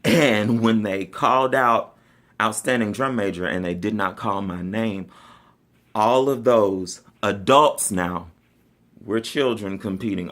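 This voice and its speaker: A man telling a funny personal story in a casual, sassy way, laughing often and jumping between loud outbursts and quiet asides. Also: on the low side.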